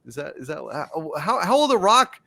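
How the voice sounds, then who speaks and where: A man hosting a casual live stream, his voice sitting a touch above average pitch. He rants with profanity, trips over his words in stammered restarts, and gets worked up as he answers viewer comments. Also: very animated, normal speed, a bit bright. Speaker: livestream show host reading super chats.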